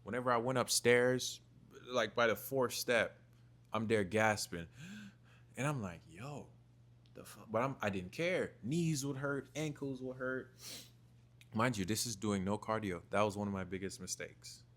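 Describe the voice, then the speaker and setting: A man's voice: on the low side, normal speed. A young man telling a casual, slangy story about his fitness journey to camera, repeating phrases for rhythm. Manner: slangy, repetitive, animated storytelling. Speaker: fitness vlogger.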